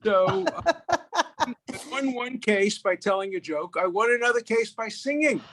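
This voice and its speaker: A man in his eighties from Brooklyn, USA, with a high voice, speaks at a normal speed as a guest who is a lawyer. He's a lively raconteur with a punchy delivery, telling animated stories and jokes in a chat.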